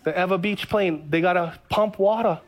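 A middle-aged pastor from Hawaii preaches to his congregation in a high, light man's voice. He tells stories from his own life with animated energy and acts out his past prayers as he goes. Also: normal speed, heavy background noise. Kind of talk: sermon.

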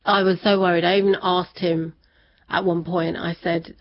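A woman's voice: fairly low pitch, little pitch movement, normal speed, no room sound. A woman guest in an interview, telling a personal family story in a chatty way and laughing often. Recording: slightly dull lo-fi sound.

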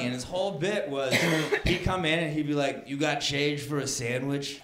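A man doing a stand-up comedy set, telling a long story and building to loud, exasperated punchlines. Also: on the high side. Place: comedy club stage with a laughing audience. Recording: roomy club recording with crowd laughter.

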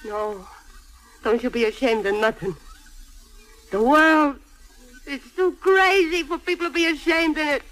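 Fiery widow. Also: female voice, high voice, a little slow, pauses often, fairly bright tone, faint music behind, rough recording. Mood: consoling. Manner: blunt, emotional, broken English. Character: fiery Italian immigrant widow, seamstress.

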